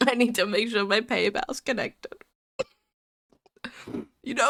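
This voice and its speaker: A woman streamer in casual live-stream chat, excitable and giggly, rambling and repeating herself. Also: on the high side, measured pace, pauses often, no room sound.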